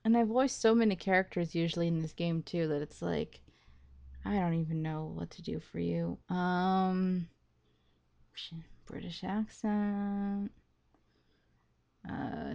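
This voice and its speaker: A woman hosting a game playthrough, talking excitedly and rambling as she thinks aloud, laughing often. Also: on the low side, gravelly, muffled recording. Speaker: let's play host. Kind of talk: gaming commentary.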